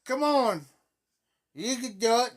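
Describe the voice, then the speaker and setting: A middle-aged livestream host telling a story in a casual way, repeating phrases and acting out quoted speech loudly. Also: mid-range voice, animated, takes it slowly.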